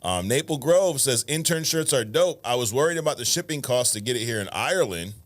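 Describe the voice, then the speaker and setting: A man's voice: mid-range voice, lively intonation, fairly quick. A man in his thirties from the United States co-hosting a podcast, reading viewer comments in a casual, laid-back way and swearing freely. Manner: laid-back, swears freely, calls people bro and dude. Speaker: podcast co-host.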